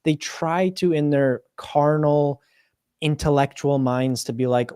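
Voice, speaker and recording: A man hosting an interview, talking in an animated way and often stumbling and restarting mid-sentence. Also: on the high side, normal speed, smooth, dry recording, clean studio sound. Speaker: host. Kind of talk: conversational interview.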